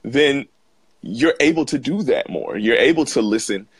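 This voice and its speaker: A man's voice: mid-range voice, lively intonation, normal speed, slightly rough, no room sound. A man hosting a conversation, speaking hesitantly with many fillers. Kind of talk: casual chat.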